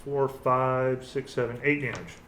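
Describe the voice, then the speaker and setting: A man running a tabletop game as game master, narrating and counting damage aloud in an unhurried way. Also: mid-range voice, noisy background. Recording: roomy recording.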